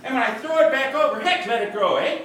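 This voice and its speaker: Guy doing a wisconsin fisherman spinning a tall tale, bright bouncy voice, echoey room from far off. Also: extremely high pitch, expressive, quick pace, slight background noise. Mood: folksy. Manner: folksy, ungrammatical, tall-tale telling. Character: folksy boastful male Wisconsin fisherman, middle-aged. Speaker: performer at a live reading. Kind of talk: comic character monologue. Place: upstairs room of a bar at a live reading.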